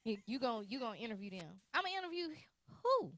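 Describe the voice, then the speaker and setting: A woman hosting a casual talk show, telling a lively story and acting out the exchanges she quotes. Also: on the high side, quick pace, no room sound. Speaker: host. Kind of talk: casual chat.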